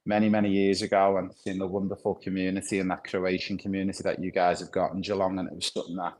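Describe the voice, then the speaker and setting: A middle-aged man with a Liverpudlian accent speaks in a fairly low voice as a podcast guest. He comes through a remote call and talks in a relaxed, matter-of-fact way. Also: quick pace. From Liverpool, England. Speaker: guest, football coaching company founder.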